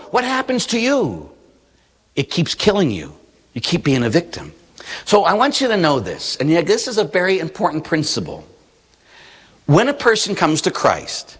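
A man preaching a sermon as a priest, with a slightly husky, fairly high voice that swings widely as he tells stories. He acts out the people he quotes, and a long reverb trails his words as in a large hall. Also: a bit bright. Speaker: Catholic priest.

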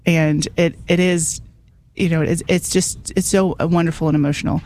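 A woman hosting a radio show, talking quickly and enthusiastically as she urges listeners to call in. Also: sits low, steady tone, a little mellow. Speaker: radio host. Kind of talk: fundraising radio talk.

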